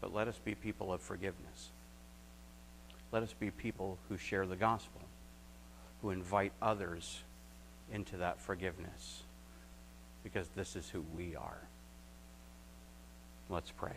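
A man preaching a sermon as pastor, moving between emphatic rising points and quiet, reflective stretches, closing in prayer. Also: deep voice, steady tone, a little slow, creaky, long pauses, rough recording.

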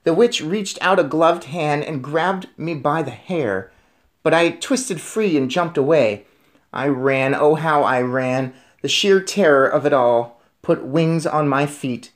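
A man reading a novel aloud, musing quickly before a chapter and then telling it in a steady, lively way. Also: fairly high pitch. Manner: musing aside between readings. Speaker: reader.

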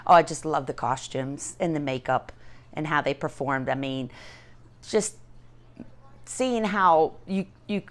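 A woman's voice: deep voice, unhurried, pauses often. A woman who is a fan of drag shows, gushing with enthusiasm in a documentary interview.

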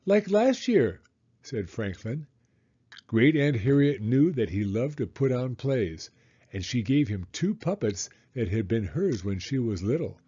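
Man, children's story read-aloud, animated pitch, muffled recording. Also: measured pace, slightly rough. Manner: expressive, animated reading. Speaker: children's book reader.

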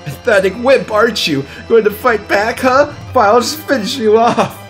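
A man's voice: high-pitched, moderate pace, fairly bright tone, faint music behind, pitched above the performer's own voice. A man voicing a cocky young male fox who taunts and mocks his foe while reading fan-game dialogue. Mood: taunting. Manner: taunting, mocking.

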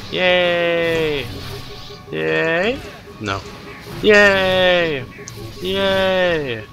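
A nineteen-year-old man narrating his gameplay in an unhurried, goofy way. His voice is bright and sits a little high, and faint music plays under it. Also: vocal fry. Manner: goofy, talks to himself, cheers and groans. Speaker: let's play gamer. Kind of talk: casual gameplay commentary.

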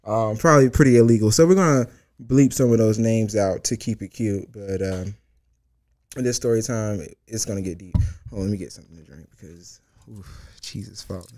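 Loud, profane young man. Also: fairly low pitch, brisk. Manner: animated and profane, jumping from loud outbursts to hushed asides. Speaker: host. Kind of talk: comedic story time monologue.

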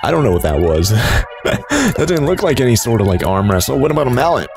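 Let's-play gamer, male, very excitable, pitch leaps all over, game music underneath. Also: a little fast, creaky. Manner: excitable, reacting loudly and laughing often. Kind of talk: gameplay commentary.

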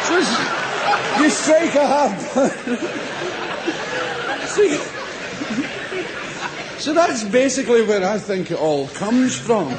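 His voice is very high-pitched and animated, moving slowly with long pauses over background noise. He's a middle-aged Scottish comedian doing live stand-up in a large theatre, boisterous and freely swearing while acting out small scenes. The recording is an echoey live stage capture with a crowd laughing.

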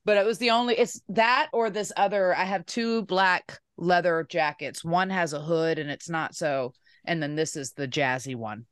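Easygoing woman co-host, low voice, dry close sound. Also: normal speed, hardly any pauses, smooth, no echo. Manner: easygoing, many short agreements. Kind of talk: casual chat over drinks.

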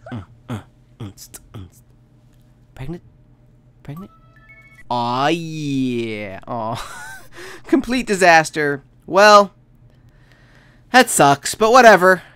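A let's play host narrates gameplay in a relaxed, chatty way, often talking straight to the characters on screen. The voice sits at a middling pitch with a lot of vocal fry. Now and then it jumps into playful mock panic. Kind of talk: casual gameplay commentary.

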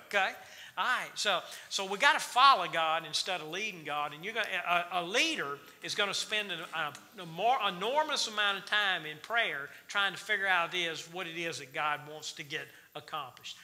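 A man's voice: high-pitched, expressive, moderate pace, bright, forceful tone. A man teaching a Wednesday night Bible study in a church, folksy and quizzing the congregation with questions. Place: church sanctuary. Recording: reverberant church hall.

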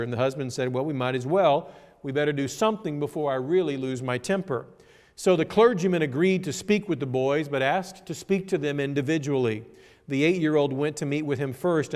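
A male pastor preaching a sermon with dramatic pauses, building to emphatic repeated lines. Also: a little high, a little mellow. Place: church sanctuary. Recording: church hall reverb.

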